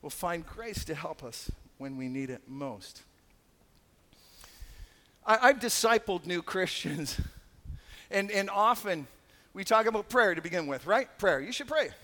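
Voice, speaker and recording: A man's voice: sits high, lively intonation, unhurried, pauses often, pushed and bright. A Canadian man preaching a sermon as a pastor, chatty and joking, acting out the voices of people he quotes. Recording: long hall reverb.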